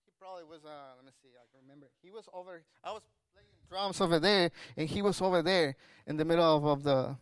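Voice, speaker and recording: High-voiced pastor preaching a sermon. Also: male voice, fast, clean tone, dry recording.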